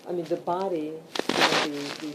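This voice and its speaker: A woman talks slowly to her camera from bed at home, her voice set a little low. She stumbles, restarts and fills pauses with ums. A loud steady hiss sits under the whole recording. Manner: slow, halting, many fillers and restarts. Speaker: vlogger. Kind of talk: casual talk to camera.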